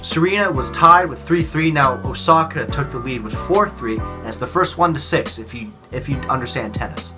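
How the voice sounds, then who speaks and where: A man's voice: mid-range voice, moderate pace, few pauses, over music. A man hosting a reaction video who explains a tennis match step by step in a chatty way, often saying "like". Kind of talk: casual commentary.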